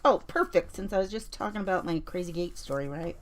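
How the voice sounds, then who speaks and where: A woman's voice: on the low side, fast. A woman chatting on a craft livestream as she works, telling stories and greeting viewers by name. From Colorado. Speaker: junk journal crafter on a livestream. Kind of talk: casual craft livestream chat.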